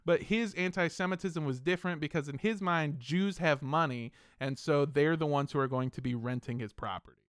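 A young man on a podcast with a slightly high, smooth voice. He tells the story in an animated, irreverent way and swears freely. The sound is dry and close. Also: brisk, hardly any pauses, no echo. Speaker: podcast host telling a history story. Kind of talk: casual podcast chat.

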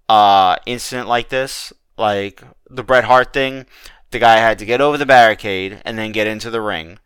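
A man's voice: medium pitch, fairly bright tone, clear, resonant tone, dry recording. A man hosting a wrestling podcast, chatting casually with plenty of restarts. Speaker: podcast host. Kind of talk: casual chat.

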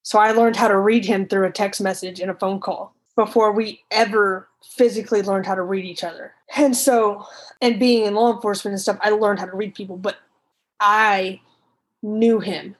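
A woman telling a painful personal story in a casual, halting way, often restarting and repeating herself. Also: mid-range voice, steady tone, low-quality recording. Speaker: storyteller recounting her past.

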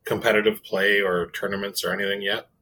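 A man's voice: on the low side, little pitch movement, fairly quick, pushed and bright, slight background noise, low-quality recording. A man chatting casually on a gaming podcast in an easygoing, hesitant way. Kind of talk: casual chat.

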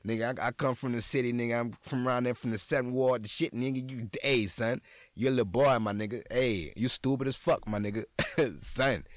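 In a medium-pitched voice, a New Orleans podcast host and comedian with the local accent talks casually and crudely, meandering and restarting himself constantly during his solo show. The recording is dry, with clean studio sound.

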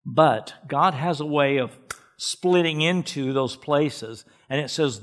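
Male pastor, emphatic sermon delivery, somewhat high-pitched voice, repeats words for weight. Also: slow. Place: church.

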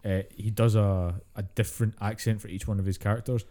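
A man's voice: fairly low pitch, little pitch movement, fairly quick, dark tone. A man with a Scottish accent co-hosting a podcast, giving blunt opinions in casual chat and swearing now and then. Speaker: podcast co-host.

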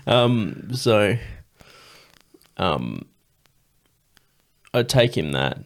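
Aussie guy rambling on a podcast, lowish voice but swings up and down a lot, swears a ton. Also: sing-song, drawn-out words, vocal fry. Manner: swears freely, laughs often, rambling storyteller. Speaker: podcast host. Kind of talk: casual chat.

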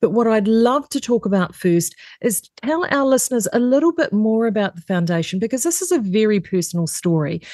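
A woman's voice: fairly low pitch, dry recording, clean studio sound. A woman hosting a radio interview show, talking in an effusive, chatty way. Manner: warm, effusive chat.

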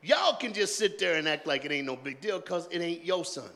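A man preaching a sermon in a loose call-and-response style, joking in colloquial asides and swinging between shouted rallying lines and hushed, quiet talk. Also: fairly high pitch, lively intonation, fairly quick. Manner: jokey, colloquial and emphatic. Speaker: pastor. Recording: long hall reverb.

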